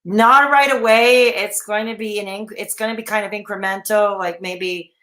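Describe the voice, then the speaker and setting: A woman's voice: mid-range voice, fairly even intonation, moderate pace, fairly bright tone, reverberant. A woman hosting a casual live stream, chatting and answering viewer comments with many fillers and restarts, while she has the hiccups. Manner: rambling, frequent fillers and restarts.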